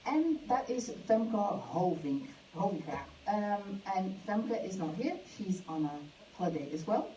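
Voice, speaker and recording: A woman hosting a live awards ceremony. She speaks haltingly, with many fillers and restarts. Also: mid-range voice, lively intonation, mellow, slight background noise. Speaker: awards host. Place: event hall. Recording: echoey hall, mic from a distance.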